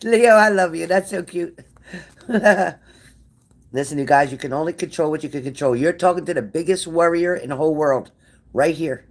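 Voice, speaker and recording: A woman hosting a casual livestream, blunt and sassy, cursing freely as she answers viewer comments. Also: sits low. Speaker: livestream tarot reader.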